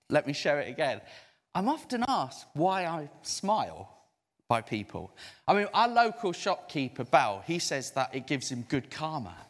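A man preaching a sermon, expressive, drawing out key words for emphasis and getting his listeners to repeat phrases back. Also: a little high, long reverb tail. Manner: expressive, drawn-out emphasis, audience call-and-response.

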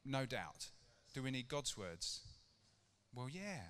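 A man's voice: mid-range voice, very animated, takes it slowly, fairly bright tone. A middle-aged man preaching a casual sermon to his church, chatty and conversational, with rhetorical questions to the congregation. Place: church hall. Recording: long reverb of a church hall.

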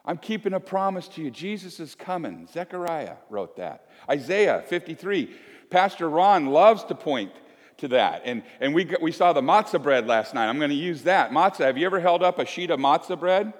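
A man's voice: a little high, lively intonation, normal speed. A male pastor preaching a sermon in a church, telling homely stories in a conversational, self-deprecating way with frequent restarts. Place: church sanctuary. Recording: long reverb of a church sanctuary.

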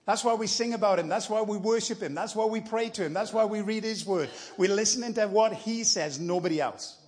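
Husky man preaching a sermon. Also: high voice, brisk, a little mellow. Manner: conversational, encouraging, storytelling. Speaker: guest preacher. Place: church.

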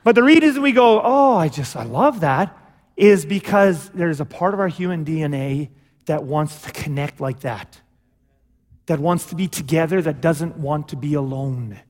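A man preaching a sermon as pastor, in an animated, conversational way with acted asides. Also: a little high, normal speed, long reverb tail. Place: church sanctuary.

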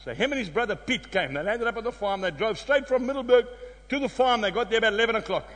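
A South African man preaching a sermon, telling a story with emphatic exclamations that drop to hushed tones. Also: high-pitched, expressive, fast. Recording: long hall reverb.

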